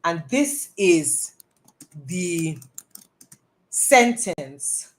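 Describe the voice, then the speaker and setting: A woman giving a casual online lesson on communication, chatty and animated, stressing words and breaking into asides. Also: extremely slow. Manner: animated, lots of stressed words and rising pitch; chatty with self-asides and laughs. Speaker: communication coach.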